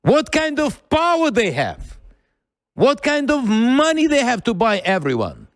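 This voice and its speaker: A man hosting an interview, animated and mocking, with a sarcastic edge. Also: very high-pitched, measured pace, dry recording. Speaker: host.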